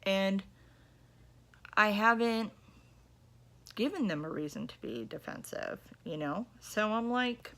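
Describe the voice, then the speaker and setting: A woman's voice: mid-range voice, sing-song, slow, gravelly, pauses often, sharp tone. A woman talks casually to her viewers from home, in an indignant storytelling mood. She keeps tossing in "you know" and "okay?" as she stresses each point. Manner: chatty, checks in with listeners by repeating "okay?" and "you know"; indignant, emphatic retelling. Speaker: vlogger.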